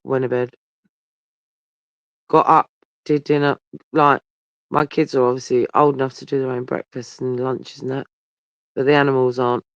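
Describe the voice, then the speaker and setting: With the phone held very close, a tired man yawns through a casual, rambling, sweary livestream chat with viewers. He has a slightly high, clear, resonant voice, and the dry phone audio sounds dull and lo-fi.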